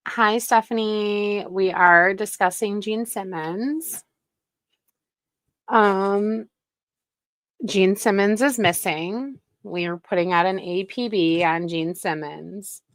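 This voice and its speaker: Slow-talking sarcastic woman. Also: mid-range voice, no echo. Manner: sarcastic, gossipy. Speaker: commentary channel host. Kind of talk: casual commentary.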